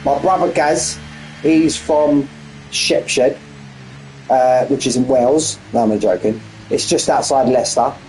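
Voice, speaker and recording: A man's voice: medium pitch, unhurried, darkish tone, faint music behind, poor audio. A man commentating a sim race on a live stream, bantering with viewers and often repeating himself.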